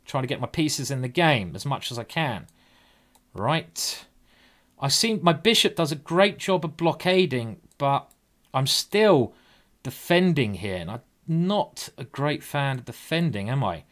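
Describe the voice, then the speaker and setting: A man's voice: mid-range voice, lively intonation, measured pace, fairly bright tone. A man streaming blitz chess, thinking aloud in a chatty, self-mocking way and talking to his viewers. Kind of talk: live-stream commentary while playing blitz chess.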